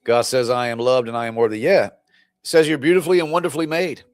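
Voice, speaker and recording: A man's voice: mid-range voice, steady tone, fast talker, dry recording, clean studio sound. A man who coaches people through divorce, talking on a live stream in a blunt, preachy, fired-up way and teasing his viewers. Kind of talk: live stream pep talk.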